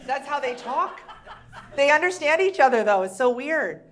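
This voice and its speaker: A woman's voice: high voice, sing-song, normal speed. A woman doing a stand-up comedy routine, chatty and teasing the crowd with questions.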